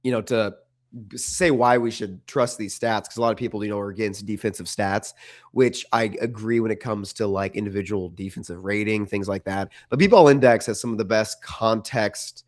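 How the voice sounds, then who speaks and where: A man's voice: on the low side, fairly even intonation, normal speed. A man co-hosting a casual sports podcast, opinionated and full of restarts and "like"s. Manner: opinionated, restarts often, many likes. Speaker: podcast co-host.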